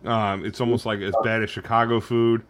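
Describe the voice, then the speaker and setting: A man co-hosting a casual podcast, talking in an animated, jokey way. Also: fairly low pitch, brisk. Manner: animated, jokey, slips into voices. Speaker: podcast co-host.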